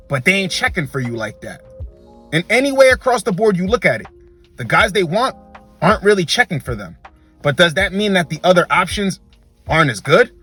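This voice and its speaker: A man's voice: fairly high pitch, a bit bright, slightly rough. A man hosting a dating commentary video, delivering an emphatic, lecturing monologue that repeats its points. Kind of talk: opinionated monologue.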